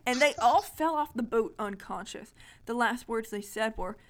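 A woman's voice: fairly high pitch, lively intonation, moderate pace. A woman co-hosting a casual podcast, reading a childhood story aloud and breaking off to laugh and comment. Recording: lo-fi podcast audio.

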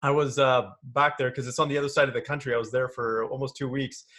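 Relaxed Canadian man, podcast guest. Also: mid-range voice, fast talker. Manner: relaxed and conversational. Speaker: podcast guest, business coach. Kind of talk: podcast interview.

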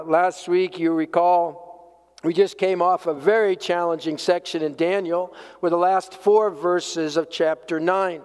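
A man's voice: high-pitched, clean tone. A male pastor giving an earnest sermon, telling a story and asking rhetorical questions. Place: church sanctuary. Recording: long reverb of a church hall.

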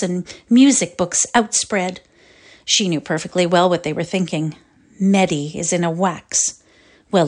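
A woman reading a classic short story aloud, expressive and deliberate. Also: mid-range voice. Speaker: reader. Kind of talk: dramatic literary reading.

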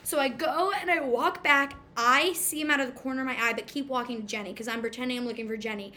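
A woman's voice: sits high, fairly even intonation, fast, pushed and bright. A young woman animatedly telling a story in casual chat, acting out the dialogue. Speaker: storyteller guest.

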